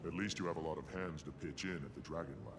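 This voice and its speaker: A deep, steady beast commander. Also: male voice, quick pace. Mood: calm. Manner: calm, earnest, low-key. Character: steady male feline warrior commander.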